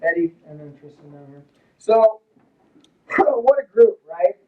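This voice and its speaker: Male coach with a high voice, rambling and joking through a banquet speech in a lodge hall. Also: lively intonation, measured pace, narrow, tinny audio. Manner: casual, rambling, joking with the audience. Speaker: wrestling coach.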